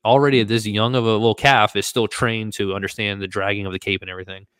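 A man hosting a podcast, telling a travel story in a casual, animated way and acting out the voices of the people in it. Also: fairly low pitch, quick pace, clean tone, dry recording. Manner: animated, acts out quoted voices. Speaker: podcast host.

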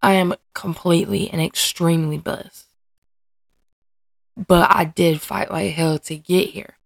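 A woman with a low, gravelly voice talks openly on her personal podcast. She speaks earnestly and hesitantly, often stopping and restarting as she looks for words. The recording is close and dry, with no room sound. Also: fairly even intonation, unhurried, no room sound. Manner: earnest and emotionally open. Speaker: podcast host and mother. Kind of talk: candid personal podcast monologue.

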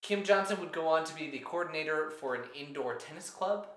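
A man co-hosting a casual podcast in a bright, clear voice. He reads listener emails aloud and tosses in quick, sheepish quips. The recording has noticeable room echo. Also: on the high side. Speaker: podcast co-host.

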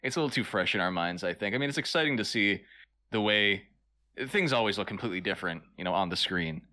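A man co-hosting a comedy podcast, playing along with dry, deadpan asides. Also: fairly low pitch, fast talker. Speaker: podcast co-host. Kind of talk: comedic in-character podcast chat.

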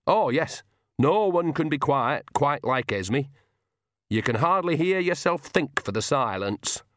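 A man's voice: a little high, animated, unhurried, fairly bright tone, dry recording, clean studio sound, voice pushed up. A man voicing a chatty, earthy old grandmother witch with a homely, blunt way of talking, in a storybook reading. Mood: gossipy. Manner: homely, folksy, cheerfully blunt.

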